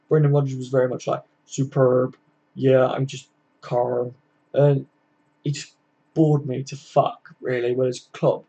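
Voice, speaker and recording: A gravelly, husky-voiced man talks casually on a live stream. He chats loosely, swears freely and answers viewers as he goes. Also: medium pitch, a little mellow, highs cut off. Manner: chatty, sweary, reads out viewer comments. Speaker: livestream host. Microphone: computer mic, live stream.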